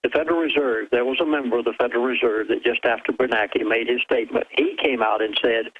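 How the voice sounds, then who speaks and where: Husky radio guest man, urgent. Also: medium pitch, fairly even intonation, quick pace, few pauses, no room sound, narrow, tinny audio. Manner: urgent, dramatic, quoting a source word for word.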